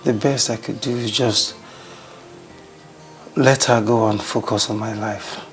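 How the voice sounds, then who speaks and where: A man's voice: fairly low pitch, steady tone, measured pace, soft background music, close to an everyday voice. An actor playing a resigned young man firmly deciding to let go of a lover. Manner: resigned, firm. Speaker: jilted lover. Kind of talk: Nollywood film acting.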